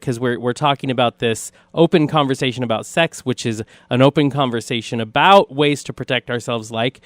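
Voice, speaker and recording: A man's voice: medium pitch, dry recording. A man hosting an interview, affirming and asking long questions. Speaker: podcast host.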